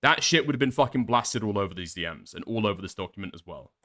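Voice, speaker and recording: A man reacts off the cuff in a profane, sarcastic rant. His voice is bright and tense, and its pitch swings widely as he pushes his points. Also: animated, fast talker. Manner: profane, emphatic, sarcastic ranting. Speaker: streamer reacting to a video. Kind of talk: casual reaction commentary.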